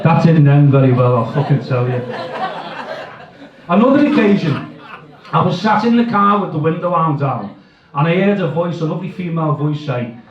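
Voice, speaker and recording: A man's voice: a little high, expressive, moderate pace, pauses often, a crowd in the background. A middle-aged man doing a crude, self-mocking stand-up set full of swearing. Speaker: stand-up comedian. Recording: echoey, distant, dull live sound.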